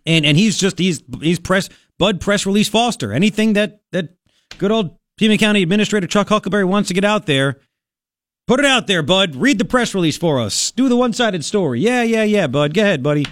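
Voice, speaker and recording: A man's voice: sits high, animated, a little fast, no room sound, studio quality. A man hosting a talk radio show, ranting in a sarcastic, mocking and exasperated way. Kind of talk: opinionated talk radio monologue. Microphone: studio microphone.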